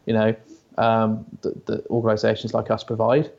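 A man's voice: on the low side, completely flat delivery, moderate pace, gravelly, darkish tone, lo-fi sound. A British man chatting as an interview guest, often stammering and restarting, telling stories. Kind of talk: casual interview chat.

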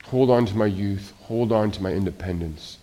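Animated male preacher with hushed asides. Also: on the low side, moderate pace. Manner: animated, swings from hushed asides to loud exclamations, self-interrupting restarts. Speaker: pastor. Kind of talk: sermon.

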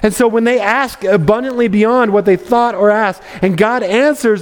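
Give me a wry, conversational male preacher with a high voice in a reverberant church hall. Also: brisk, few pauses, a little mellow. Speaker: pastor. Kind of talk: expository sermon.

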